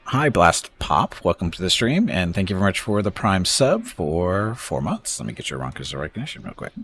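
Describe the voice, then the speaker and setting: A man's voice: deep voice, sing-song, moderate pace, a bit bright, slight background noise. A man casually commenting on his space strategy game during a live stream, rambling, thanking viewers and joking about word pronunciations.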